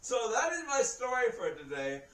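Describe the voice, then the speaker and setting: A man's voice: very high voice, huge pitch swings, normal speed, a bit bright, slight background noise. A man telling a story in a casual vlog, rambling and swearing, often breaking into laughter. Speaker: vlogger. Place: indoor room. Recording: roomy echo, heard from a distance.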